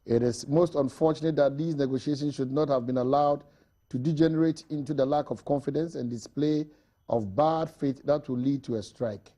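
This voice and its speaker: A man with a Ghanaian English accent, hosting a newspaper review and reading an editorial aloud in a measured, formal way. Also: medium pitch, dark tone.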